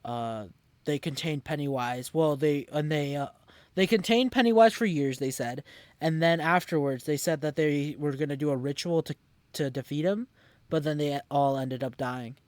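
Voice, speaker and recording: A man's voice: on the high side, lively intonation, moderate pace, a little mellow, no room sound. A man co-hosting a casual podcast, recapping an episode with many fillers and restarts. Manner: rambling, lots of fillers and restarts. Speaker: podcast co-host.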